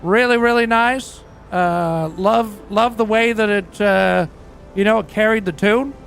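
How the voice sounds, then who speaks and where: A man playing a crude, boastful rock singer who rambles through profane, deadpan tall tales in a game roleplay. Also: high voice, measured pace, gravelly, soft background music, heavily acted. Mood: rambling, crude. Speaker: roleplay character.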